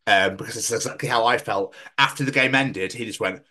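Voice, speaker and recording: A man from Scotland, hosting a podcast and telling stories in casual chat, sweary and animated. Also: medium pitch, a little fast. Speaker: podcast host.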